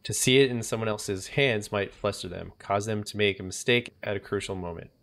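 A man voicing a bitter, ancient male elven ghost king, in a low voice with brooding lines. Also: brisk, a bit bright.

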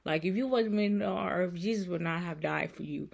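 Gravelly-voiced woman vlogger, heartfelt. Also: fairly low pitch, moderate pace. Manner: emotional, repetitive, soothing. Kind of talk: heartfelt encouraging vlog talk.

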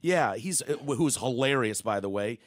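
A man's voice: mid-range voice, animated, moderate pace, no echo, clean studio sound. A man hosting a podcast, asking questions in a casual, laid-back way. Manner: casual, laid-back, with frequent agreeing "yeah"s. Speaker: podcast host. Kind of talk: casual conversational interview.

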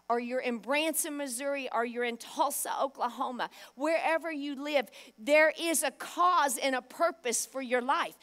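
A woman with a high voice preaching to her congregation. She is emphatic, acts out scripture lines and keeps putting direct questions to her listeners. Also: fairly bright tone. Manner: emphatic preaching with dramatized Bible quotes. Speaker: pastor. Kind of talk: sermon.

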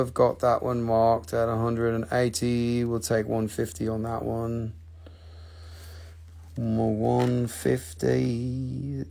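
A man hosting a live sales stream, chatty, profane and excitable, his voice getting scratchy after hours of talking. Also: medium pitch, vocal fry. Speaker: host selling rocks and gems on a live stream.

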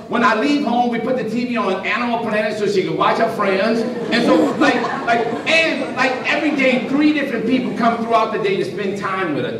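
A priest telling funny stories in a sermon, animated and jokey, acting out the voices of the people in them. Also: male voice, extremely high pitch. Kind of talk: comic storytelling sermon. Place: large church hall before an audience. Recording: far-off echoey hall with crowd laughter.

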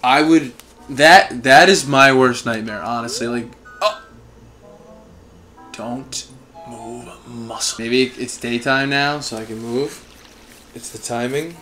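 A man's voice: mid-range voice, measured pace, bright, forceful tone, soft background music. A young man giving comedic, sarcastic commentary while playing a video game, talking back to the characters on screen. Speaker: gaming channel host. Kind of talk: comedic let's-play commentary.

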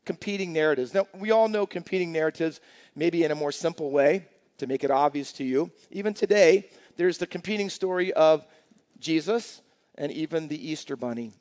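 A man's voice: a little high, moderate pace, darkish tone. A male pastor preaching a sermon to his congregation, telling stories and driving home his points. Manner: storytelling with a joke, acting out characters in quotes. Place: church sanctuary.

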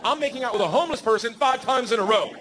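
A male comedian telling a wild story on stage, loud and animated, breaking into shouts. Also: very high voice, very fast, heavy background noise.

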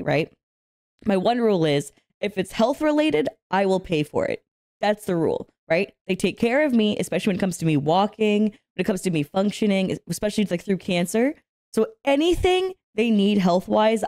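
Animated young woman with lively pitch. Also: a little fast. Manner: animated, laughs often, swears freely. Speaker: anime reaction channel host. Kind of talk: casual reaction chat and storytelling.

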